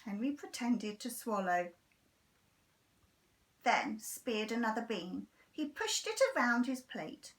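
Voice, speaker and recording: Teacher lady reading a kids' story, bright voice, slow, mic kinda far. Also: fairly high pitch. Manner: lively, expressive reading.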